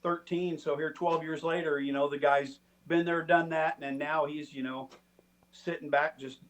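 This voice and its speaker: High-voiced man telling a story. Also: moderate pace. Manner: animated, acts out quoted people. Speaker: storytelling guest. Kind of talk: casual storytelling.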